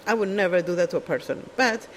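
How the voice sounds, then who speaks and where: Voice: medium pitch, fast, slight background noise, low-quality recording. A speaker telling stories in a casual monologue, blunt and profane, with non-native English phrasing and a habit of mimicking other people. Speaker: show speaker.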